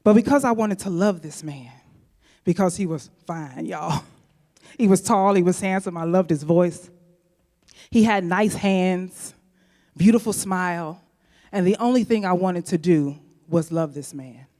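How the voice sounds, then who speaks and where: A woman's voice: on the low side, measured pace, mellow, in a large hall. A woman from St. Louis telling a personal story on stage, playful and chatty, talking straight to the audience. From St. Louis, USA. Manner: playful, chatty, addresses audience with "y'all" and "honey". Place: event venue stage.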